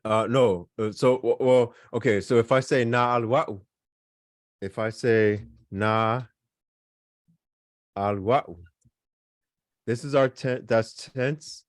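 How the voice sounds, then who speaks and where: A man's voice: mid-range voice, fairly even intonation, slow pace, long pauses, dry recording, studio quality. A man teaching a beginners' language class, explaining casually with lots of fillers and repeated examples. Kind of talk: online class lesson.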